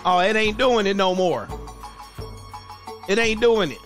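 A man's voice: high-pitched, expressive, unhurried, soft background music. A man hosting a show, chatting casually as he reads viewer comments aloud, exclaiming and laughing often. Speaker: host and coach.

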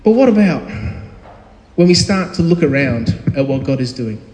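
A man in his thirties preaches a casual, conversational sermon, stopping often with ums and restarts. His voice sits high for a man. The sound carries long reverb from a large, echoey hall. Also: big pitch swings, normal speed, darkish tone. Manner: conversational, with frequent fillers and restarts. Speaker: pastor. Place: church hall.

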